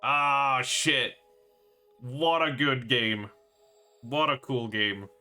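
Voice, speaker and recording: A bright, forceful male streamer playing through a horror game live, reading the on-screen text aloud between outbursts. His delivery is excitable and loose, swearing and exclaiming as things go wrong, with faint game music under him. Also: mid-range voice, very slow.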